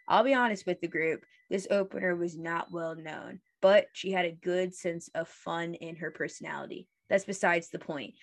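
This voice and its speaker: A woman's voice: fairly low pitch, moderate pace, creaky, hardly any pauses. A young woman co-hosting a podcast, rambling and ranting in casual chat, often acting out quoted voices. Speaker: podcast co-host.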